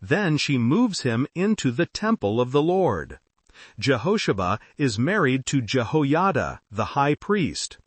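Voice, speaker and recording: A man narrating a scripted Bible story in short, solemn, deliberate sentences. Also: medium pitch, very animated, breathy edge, dry recording.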